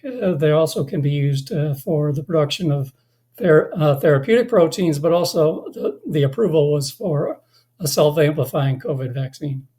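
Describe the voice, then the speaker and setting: A presenter giving a technical webinar, slightly hoarse from losing their voice, talking in a halting way with many fillers and restarts. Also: medium pitch, warm tone. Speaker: company presenter.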